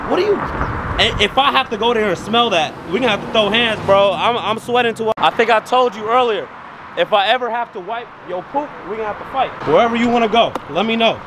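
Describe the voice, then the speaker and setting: A man's voice: high-pitched, brisk, noisy background. A young man vlogging outdoors on city streets, joking and teasing his dog in comedic banter. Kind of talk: comedic walking vlog.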